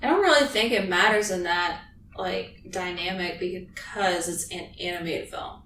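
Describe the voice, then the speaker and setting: A woman's voice: fairly low pitch, moderate pace, fairly bright tone. Woman speaking from across an echoey room. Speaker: podcast guest. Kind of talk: casual chat. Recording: echoey room, distant mic, faint noise.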